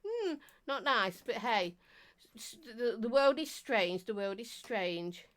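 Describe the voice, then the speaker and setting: A woman's voice: on the high side, sing-song, takes it slowly. A middle-aged woman, chatting on a live stream as she reads out viewer comments, teasing and talking non-stop with bursts of laughter. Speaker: vape reviewer and live streamer.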